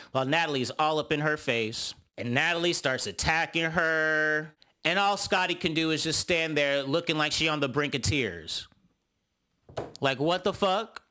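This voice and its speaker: Brassy animated man recapping reality TV. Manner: animated, swings up high to mimic cast members. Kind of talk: casual recap commentary.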